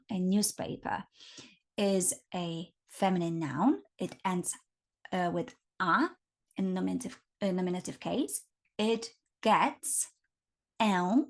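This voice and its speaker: Slow-paced woman teaching grammar. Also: medium pitch, vocal fry. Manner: patient, checks in with frequent "right?" questions. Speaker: Polish language teacher. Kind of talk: explaining grammar at a board.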